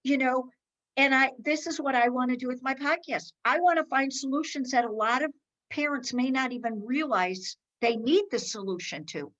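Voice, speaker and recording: A woman's voice: sits high, moderate pace, a bit bright. Chatty woman host with a lo-fi sound. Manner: chatty, rambling, with many restarts and fillers; acts out others' lines in quoted voices while telling stories. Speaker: podcast host. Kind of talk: casual conversational chat.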